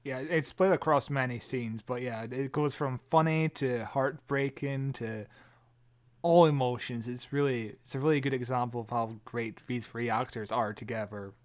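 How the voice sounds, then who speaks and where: A man's voice: mid-range voice, steady tone, normal speed, no room sound. A man co-hosting a podcast in casual chat, wry and joking, laughing at his own asides. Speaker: podcast co-host.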